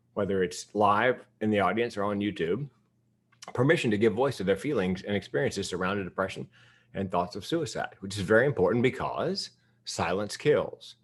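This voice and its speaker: Low-voiced man giving a candid keynote. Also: slightly rough. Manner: candid, self-deprecating storytelling. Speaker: keynote speaker. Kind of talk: humorous keynote speech.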